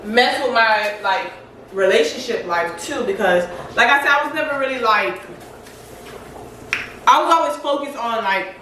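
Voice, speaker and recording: A woman's voice: fairly high pitch, moderate pace, pushed and bright, a little hiss or hum. A woman in her twenties chatting candidly while cooking at home, with lots of "like" fillers. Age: 20s. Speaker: co-host. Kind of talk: casual chat while cooking. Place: home kitchen. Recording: echoey room, mic far off.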